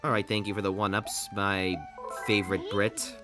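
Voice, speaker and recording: A game streamer chatting casually on a livestream, rambling and restarting sentences often, with lively swings in energy. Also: deep voice, moderate pace. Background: game music.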